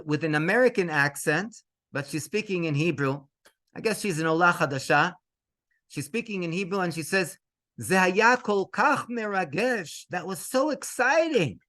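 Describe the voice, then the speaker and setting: A male rabbi telling a story in a lively way, mixing in Hebrew phrases and laughing between lines. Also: on the high side. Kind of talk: storytelling to an audience.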